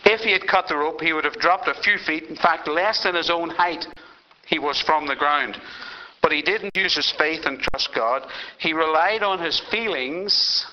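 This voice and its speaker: A man's voice: fairly high pitch, moderate pace, sharp tone, highs cut off, a little hiss or hum. A man preaching a sermon as a pastor, telling a story and building to emphatic climaxes.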